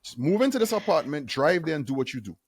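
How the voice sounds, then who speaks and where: A man from Trinidad and Tobago, a guest on an interview show, telling a story in a lively way and acting out the quotes. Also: a little high, fast, husky, no echo, clean studio sound. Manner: animated storyteller who acts out quotes. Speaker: guest, university AV manager.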